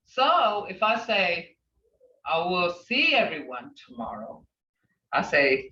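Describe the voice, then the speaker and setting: Woman language teacher, slow and patient, repeats words, heard distant over a computer mic. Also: mid-range voice, sing-song, pushed and bright. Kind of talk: online language class. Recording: roomy, distant, dull lo-fi sound.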